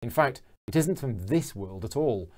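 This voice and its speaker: A man's voice: medium pitch, expressive, moderate pace, a little mellow, natural voice. A man voicing a theatrical elf from a game who lectures with dry wit. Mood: wry.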